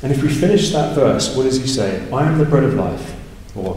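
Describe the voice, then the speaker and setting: Preaching a little fast and expressively, a man with a warm, mellow voice unpacks scripture like a conversation, often adding "right?", and lifts his pitch and volume to stress points. Distant pickup in a spacious hall gives a long, roomy echo, with faint ambience and slight background noise.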